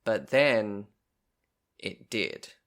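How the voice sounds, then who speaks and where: A man's voice: fairly low pitch, animated, extremely slow, fairly bright tone. A man co-hosting a podcast, recounting a story in a chatty, casual way, swearing freely and acting out what people said. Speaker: podcast co-host.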